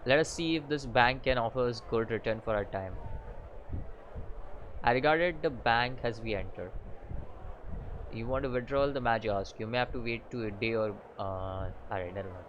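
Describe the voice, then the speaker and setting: A man hosts a casual let's-play of a story game, reading its text aloud in a halting way with fillers and restarts. His voice sits at an ordinary middle pitch. A faint background noise runs under the recording. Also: fairly bright tone, lo-fi sound. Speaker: gaming channel host.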